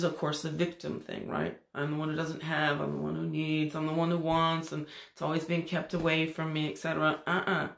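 A man's voice: a little high, vocal fry, a bit bright, roomy sound. A man hosting a spiritual channel, giving an enthusiastic, preachy teaching talk and acting out inner voices.

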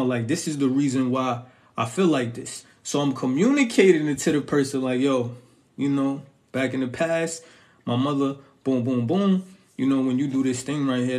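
A young man giving casual relationship advice straight to his viewers, emphatic and full of slang asides. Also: medium pitch.

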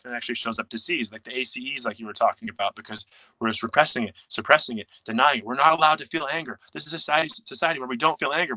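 A young man talking as a coach in a casual interview, animated, often acting out quoted inner voices. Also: medium pitch, no room sound, low-quality recording.

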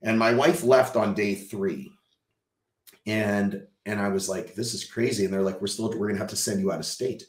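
A man from Texas tells his own story as a podcast guest. His voice sits on the lower side, and he talks in an animated way, acting out the lines of other people and swearing now and then. The room gives the sound a clear echo. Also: moderate pace. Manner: animated, swears casually, acts out quotes. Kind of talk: personal storytelling in an interview.

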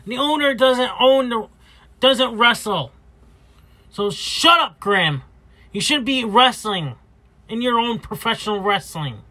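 Male reaction host, very high bright voice, slow, profane trash talk. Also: lively intonation. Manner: crude, taunting, trash-talking.

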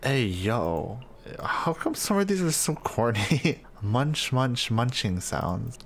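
A man's voice: medium pitch, sing-song, takes it slowly, slight background noise. A man casually reading out and reacting to fan comments, joking and easily amused. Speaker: gaming video creator.

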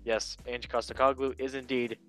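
A young man hosts a casual football chat show in a chatty, playful way. He reads memes aloud and laughs at his own jokes. His pitch sits in an ordinary middle range, with faint music playing behind him. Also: flat delivery, moderate pace, a bit bright. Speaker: podcast host.

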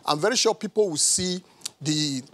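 A man's voice: fairly high pitch, moderate pace, a bit bright, rough recording. A Nigerian man speaking as an analyst on a TV panel, impassioned and raising his voice. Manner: impassioned, voice rising. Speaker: analyst guest. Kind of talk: TV panel discussion. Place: TV studio.

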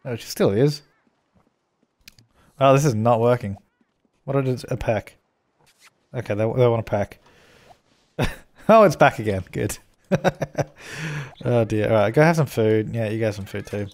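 A man's voice: mid-range voice, a little slow, pauses often, a little mellow. A man giving casual, chatty commentary over a life-simulation game, laughing often and telling his characters what to do. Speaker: let's play host.

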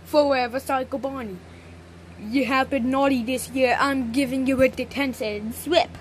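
A woman's voice: high voice, steady tone, normal speed, slight background noise, close to an everyday voice. A synthetic woman's voice speaking for cartoon figures, a stern adult woman in authority who scolds stiffly and repeats herself. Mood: scolding. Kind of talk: text-to-speech cartoon voices.

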